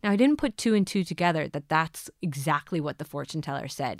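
A woman's voice: low voice, animated, fairly quick, dry recording, clean studio sound. A woman hosting a podcast, giving earnest coaching on manifesting love and asking listeners many questions. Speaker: podcast host.

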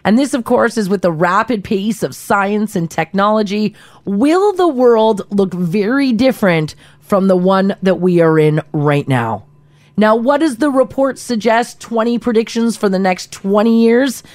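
Female co-host, mid pitch, dry studio voice, chatty reader. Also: animated, measured pace, a little mellow, dry recording. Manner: reads news items in a friendly chatty way. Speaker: radio co-host. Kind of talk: casual news chat.

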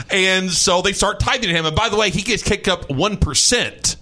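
A man hosting a talk radio show, telling a strange story in an animated, mocking way and often repeating his words. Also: sits high, moderate pace, hardly any pauses. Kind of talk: casual storytelling chat.

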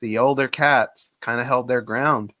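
A man's voice: mid-range voice, unhurried, dry recording. A man co-hosting a casual sports talk show from a home studio, easygoing and conversational with frequent fillers. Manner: relaxed, conversational, many fillers. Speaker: co-host.

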